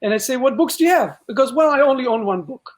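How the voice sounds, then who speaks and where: A man's voice: extremely high pitch, animated, fast. A man from Israel with an Israeli accent, a guest magician telling a story in casual podcast talk and acting out the dialogue.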